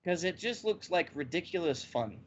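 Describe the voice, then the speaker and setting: A man with a fairly high voice chats casually as a podcast co-host. He retells scenes with animated, acted-out energy. The audio is dull and slightly lo-fi. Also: normal speed, a little hiss or hum. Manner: animated storyteller acting out scenes. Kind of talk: casual anime chat.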